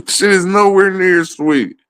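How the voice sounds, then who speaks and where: A man's voice: high voice, slow pace, a bit bright, clean tone, no echo. A man in a casual comedic rant, swearing freely and laughing often in the middle of his sentences. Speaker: comedic ranter.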